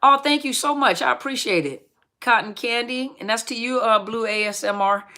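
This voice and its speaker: A woman's voice: fairly high pitch, moderate pace, pushed and bright. A middle-aged woman hosting a live question-and-answer stream, casually and cheerfully greeting viewers by name and laughing often. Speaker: host of a live Q&A on narcissistic abuse.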